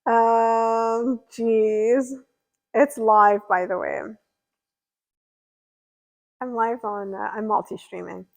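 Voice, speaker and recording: A woman's voice: on the high side, fairly even intonation, very slow, pauses often, rough recording. Chatty young woman livestreamer. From California. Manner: chatty and rambling, lots of fillers. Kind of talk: casual chat reading viewer comments.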